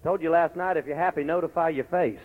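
A man preaching a lively sermon as pastor, breaking into shouted exclamations between stories and scripture reading. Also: on the high side, quick pace. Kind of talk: Pentecostal-style sermon. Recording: lo-fi recording.

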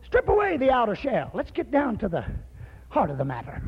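High-pitched fiery preacher, a man. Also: huge pitch swings, fairly quick, slightly rough. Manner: fervent, folksy, shouting at times. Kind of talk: fiery sermon. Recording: slightly muffled recording.

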